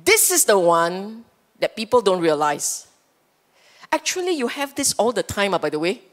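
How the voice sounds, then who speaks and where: A woman's voice: mid-range voice, sing-song, moderate pace. A woman with a Singaporean English accent giving a playful, teasing Dhamma talk as a Buddhist teacher, often checking in with her listeners. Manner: playful, teasing, asks the audience for agreement. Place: temple hall.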